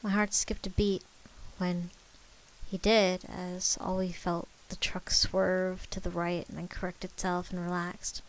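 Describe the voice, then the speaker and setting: Woman, spooky story reading, low-pitched voice, live stream, chatty asides. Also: little pitch movement, a little slow, poor audio. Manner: breaks off to joke about her own accents.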